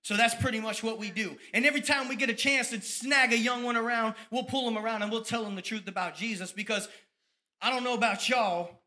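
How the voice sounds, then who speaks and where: A man, giving a fired-up testimony sermon about his ministry, at times dropping to soft reflective tones. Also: extremely high pitch, steady tone, brisk. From Tampa, Florida. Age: 30s.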